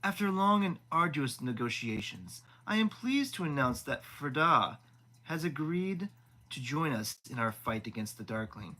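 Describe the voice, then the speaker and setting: A man's voice: mid-range voice, sing-song, a little slow, sharp tone, rough recording. A man voicing a smug, boastful elder prince in a live audiobook reading, talking pompously. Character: smug proud elder prince, male adult.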